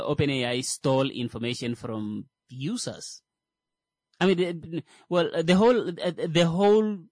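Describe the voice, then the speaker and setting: A man's voice: fairly high pitch, no echo. Sarcastic rambling man, dry sound. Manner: rambling, many fillers and restarts; sarcastic, mocking asides. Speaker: commentator. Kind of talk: comedic tech commentary.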